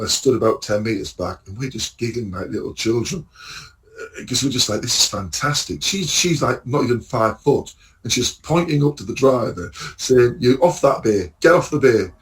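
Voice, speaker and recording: A middle-aged Englishman who co-hosts a podcast and drives a lorry tells an animated, casual anecdote among friends. Speaking at a medium pitch and moderate pace, he swears a lot and acts out the quotes.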